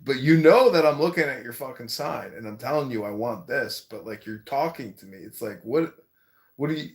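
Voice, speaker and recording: A man chatting casually on a podcast, crude and animated, prone to laughing. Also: mid-range voice, brisk.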